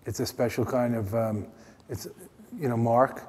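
An American man giving a playful, teasing meditation talk at a retreat, his voice dropping to soft, quiet tones. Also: mid-range voice, steady tone, a little slow. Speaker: meditation teacher. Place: retreat meeting hall. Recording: long hall reverb.

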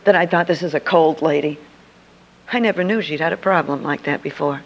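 A woman's voice: low-pitched, a little fast, muffled recording. An older woman, a Christian speaker, telling a personal story to an audience in an earnest, emphatic way.

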